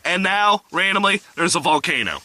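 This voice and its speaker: Bright-voiced, profane man riffing on movies. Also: high voice, moderate pace. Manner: profane, excitable storyteller. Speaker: movie review panelist. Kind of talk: casual movie riffing chat.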